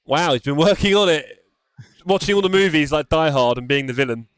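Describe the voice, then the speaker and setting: A man's voice: on the high side, lively intonation, fairly quick, smooth, dry recording, clean studio sound. A man hosting a live sim racing stream, chatting casually, teasing and reading the chat aloud. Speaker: stream host.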